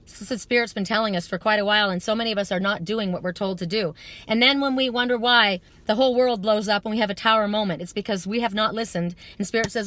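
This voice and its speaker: A woman's voice: medium pitch, fast, a bit bright, no echo. A woman giving a live psychic card reading to her viewers outdoors at dusk, talking in an earnest, rambling, spiritual way.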